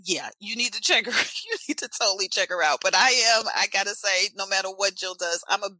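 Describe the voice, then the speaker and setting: A woman with a New Jersey accent chatting on a podcast as a guest, animated and playful. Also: mid-range voice, fairly quick, dry recording, low-quality recording. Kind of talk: casual podcast chat.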